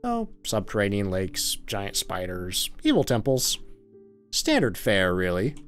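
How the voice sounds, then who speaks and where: A man voicing a weary, remorseful husband who speaks low and subdued in a game. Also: wildly swooping pitch, a little slow, soft background music.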